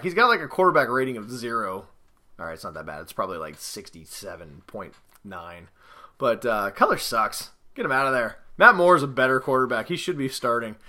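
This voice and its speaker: A man's voice: medium pitch, bright, forceful tone. A man casually rambling through his football picks, joking and sarcastically trash-talking players and teams. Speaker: podcast host giving football predictions.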